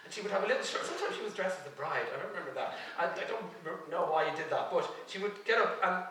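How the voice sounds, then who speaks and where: High-voiced Irish man roasting on stage. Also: expressive, fast talker. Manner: brash, bawdy, teasing delivery. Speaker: roast host. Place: large club or theatre stage. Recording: echoey live venue, far from mic, loud crowd. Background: audience laughter and cheering.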